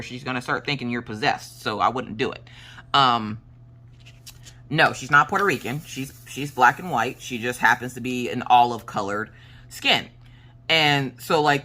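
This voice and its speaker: A woman's voice: rumbling low, sharp tone. A woman in her late thirties from South Carolina, with a mixed Pennsylvania and Southern accent, telling a jokey story in a casual craft-along chat. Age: late 30s. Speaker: crafting vlogger.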